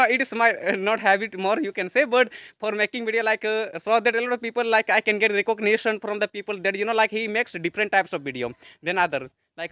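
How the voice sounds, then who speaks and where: Man, quick talker, bright tone, dry muffled lo-fi recording, filler-heavy english. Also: high voice, no echo. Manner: rapid, filler-heavy non-native English. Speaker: YouTube host. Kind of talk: casual conversation. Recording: dry, dull lo-fi sound.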